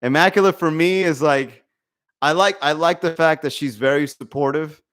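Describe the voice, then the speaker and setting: A man's voice: fairly high pitch, moderate pace, a bit bright. Profane, rambling comedy podcast man. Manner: profane, rambling, laughs often. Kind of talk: casual livestream chat.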